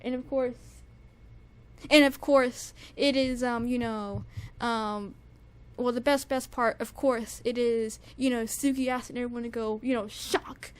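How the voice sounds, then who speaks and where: Gushing high-voiced woman reviewing music. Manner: gushing fangirl enthusiasm, rambling with many fillers and repeats; shrieks high with excitement at times. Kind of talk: casual solo music review.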